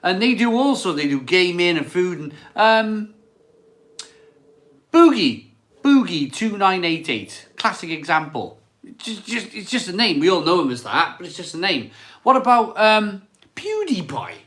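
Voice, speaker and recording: A man in his forties hosts a relaxed live stream about beer, reading viewer comments aloud as he goes. His voice sits a little high and sounds bright and forward. He rambles, repeats his phrases and laughs easily. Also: unhurried. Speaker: beer channel host reading live chat. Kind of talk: casual live-stream chat.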